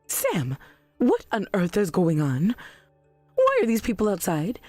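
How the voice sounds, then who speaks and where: Woman as an outraged mother, defensive, lively pitch, dry close voice. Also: unhurried, no room sound, soft background music. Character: indignant middle-aged mother, proud and self-righteous. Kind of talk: text-message story voice reading.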